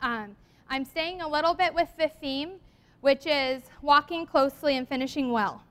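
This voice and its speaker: A woman with a high, light voice speaks to her congregation in an earnest, heartfelt church talk. She sounds emotional and close to tears at times, and she reads a poem aloud. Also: moderate pace, a bit bright. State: tearful at times.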